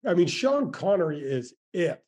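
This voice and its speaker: A man in his sixties tells his stories with gusto, circling back and restarting his sentences. His voice is warm and mellow and sits a little high. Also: normal speed. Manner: animated storyteller with many restarts and "man" asides. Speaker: former tour golfer, guest. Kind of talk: storytelling interview answers.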